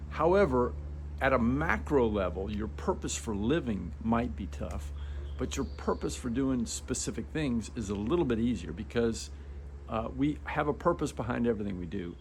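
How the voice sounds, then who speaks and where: A man's voice: mid-range voice, a little hiss or hum. A man speaking as a motivational speaker, telling a story casually and putting rhetorical questions to the listener.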